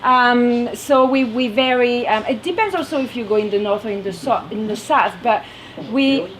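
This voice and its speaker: A woman with a French accent speaks casually to a young audience, high and expressive, laughing often as she explains. Her voice sits well up in her register. The recording is busy with steady room noise behind her. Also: normal speed, rough recording. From France. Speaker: guest speaker at a youth group. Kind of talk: casual talk to a youth audience.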